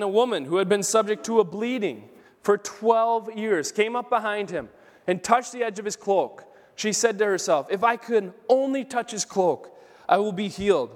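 A male pastor delivers a sermon, pressing his points home by repeating them and reading scripture passages aloud. His voice sits high for a man. The recording carries the long reverb of a church sanctuary. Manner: preaches with emphatic repetition, quotes scripture aloud.

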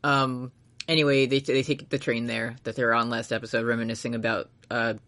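A man's voice: medium pitch, level tone, fairly quick, pushed and bright. A man co-hosting a casual anime recap podcast, rambling, swearing freely, laughing often and acting out characters' lines. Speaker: podcast co-host.

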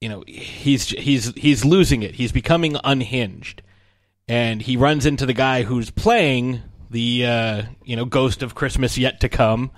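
A man works through a film's ending in a loose, rambling recap and slips into the characters' voices. His pitch sits in the middle. The sound is dry and close to the mic. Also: a little slow, no echo. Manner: rambling plot recap, acts out lines. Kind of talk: casual movie discussion.

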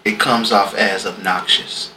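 A man's voice: on the low side, steady tone, unhurried, sharp tone, reverberant, slight background noise, poor audio. A man co-hosting a casual chat, blunt and emphatic, swearing heavily. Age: adult father of daughters. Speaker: podcast co-host.

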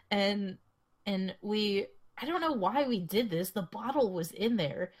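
With a mid-range voice that has a breathy edge, a young woman co-hosting a podcast chats casually. She tells rambling stories, laughing frequently and cursing without hesitation.

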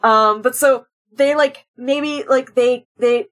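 A woman's voice: high-pitched, fairly even intonation, takes it slowly. A woman in casual chat as a player in a tabletop role-play game, rambling with many fillers.

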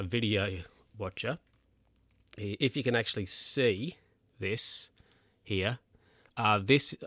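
A man's voice: on the low side, fairly bright tone, no room sound, clean studio sound. A man telling stories casually to camera as a vlogger, rambling and chatty. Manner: rambling, chatty, with mock-quoted voices.

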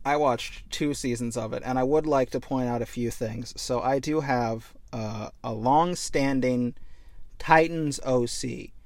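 A man's voice: mid-range voice, unhurried, vocal fry, no room sound. Exasperated swearing man, dry sound. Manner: loud, exasperated, heavy swearing. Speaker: podcast host. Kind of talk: casual ranting review.

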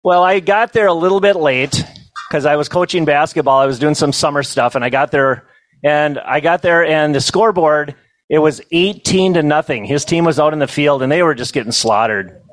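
A middle-aged man telling funny stories at a banquet, in a folksy, self-amused way with quick asides to the crowd. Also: a little high, no room sound, low-quality recording. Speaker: banquet storyteller and comedian. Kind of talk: humorous storytelling to a live audience.

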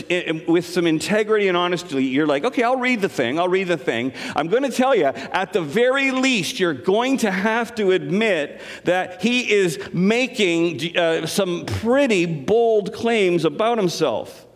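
A man's voice: medium pitch, in a large hall. A pastor preaching a sermon to his congregation in an earnest, conversational way, pressing his points with rising emphasis.

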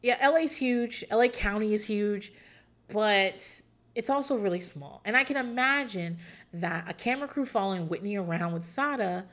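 A woman's voice: mid-range voice, normal speed, fairly bright tone. A woman in casual talk, rambling and swearing freely as she recaps a show, with frequent laughs and filler words. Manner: profane, rambling, chatty, often laughing.

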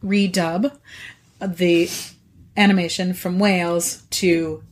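A woman in her forties, a voice actor, chatting casually on a podcast in an animated, rambling way with frequent laughs. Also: on the low side, takes it slowly, a little hiss or hum. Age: 40s. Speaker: voice actor guest.

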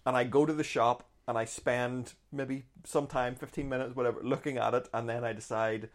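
A man's voice: medium pitch, steady tone, moderate pace. A man co-hosting a casual podcast chat, cutting in with dry, wry remarks. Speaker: podcast co-host.

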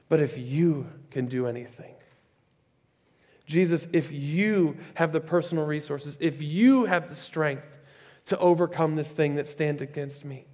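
A male pastor with a high-pitched voice preaches in a lively, conversational way, breaking off into casual asides. His voice carries through a large hall with a long reverb tail. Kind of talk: sermon.

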